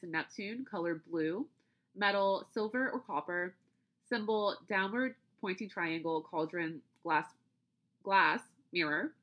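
A podcast host with a medium-pitched voice, heard in lo-fi sound, chats casually. She reads long lists item by item, then explains things loosely, restarting along the way.

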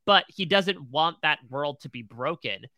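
A man's voice: a little high, expressive, measured pace, sharp tone, dry recording. A man co-hosting a TV recap podcast, retelling scenes in close detail. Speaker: podcast co-host.

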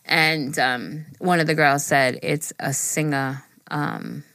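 A woman's voice: low voice, slow, creaky, dry recording, studio quality. A woman co-hosting a casual chat podcast, telling stories animatedly and swearing often, with a headache. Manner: swears a lot, animated storytelling. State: has a headache. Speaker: podcast co-host.

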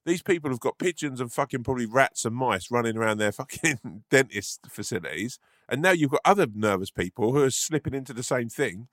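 A man's voice: mid-range voice, expressive, dry recording, clean studio sound. A man co-hosting a casual podcast, bantering and swearing, often incredulous. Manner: fast, incredulous, swears a lot. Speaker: podcast co-host.

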